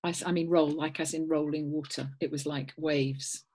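Husky woman telling a story. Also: low voice, moderate pace. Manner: animated storytelling, acting out voices, dropping to a whisper. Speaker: guest course leader. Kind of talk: storytelling on a webinar.

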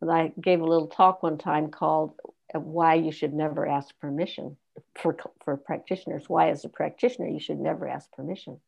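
A woman educator explaining a concept in conversation, deliberately teaching through example questions. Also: sits low, creaky, darkish tone. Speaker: consent educator and guest. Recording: dull lo-fi audio.

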